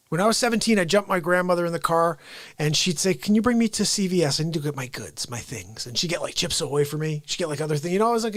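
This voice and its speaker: A man hosting a live show, telling family stories casually, swinging from loud outbursts to hushed asides. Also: a little high, dry recording. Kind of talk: casual live-stream storytelling.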